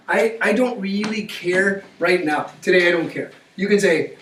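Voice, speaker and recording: A man's voice: sits high, normal speed, hardly any pauses, fairly bright tone, a little hiss or hum. A man teaching a math class, coaxing students along with frequent check-in questions. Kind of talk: classroom lecture. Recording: echoey classroom, mic far off.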